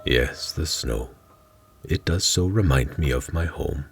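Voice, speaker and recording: A man voicing a huge, mysterious older stranger in a storybook, speaking calmly and evenly with a strange lilting cadence. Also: rumbling low, normal speed, creaky, faint music behind, voice pushed up. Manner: calm, even, with a strange lilt. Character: huge, ragged, mysterious old male stranger.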